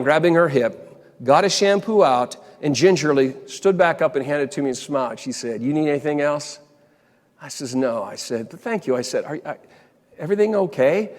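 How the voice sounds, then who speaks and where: A man giving a motivational keynote, telling a funny story that turns earnest, in a big hall. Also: a little high. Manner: animated comic storytelling that turns quiet and earnest. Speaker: motivational speaker. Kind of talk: storytelling keynote speech to a live audience. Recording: long hall reverb from a large venue.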